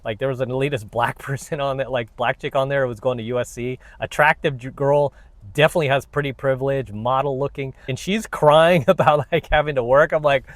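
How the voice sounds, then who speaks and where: A man's voice: mid-range voice, fairly even intonation, brisk, no room sound. A man hosting his own channel, ranting to camera in a blunt, preachy, combative way. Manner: blunt, combative and preachy, many "you know what"s. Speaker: vlogger, self-help channel host.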